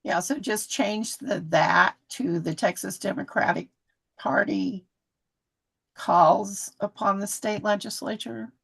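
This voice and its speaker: A woman on a committee speaks briskly about motions and wording. Her voice sits at a middle pitch with a clear gravelly fry. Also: a bit bright. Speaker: committee member. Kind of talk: meeting discussion.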